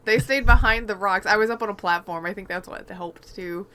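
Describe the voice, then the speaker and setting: A woman's voice: medium pitch, fairly quick, bright, forceful tone, clean tone. A woman co-hosting a gaming podcast, telling rambling, chatty stories in casual conversation. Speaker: podcast co-host.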